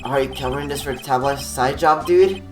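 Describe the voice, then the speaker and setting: A man voicing a spacey, laid-back male TV actor who talks loudly with an airy drawl, heard from a distant mic with game music behind. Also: medium pitch, brisk, echoey room, natural voice.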